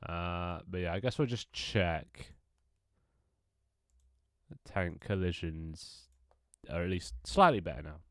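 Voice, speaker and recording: Speaking slowly with long pauses, this deep-voiced man sounds congested, like his nose is stuffed up. The recording is dry with clean studio sound. He's streaming his game dev work live, rambling, cracking self-deprecating jokes, and cursing casually.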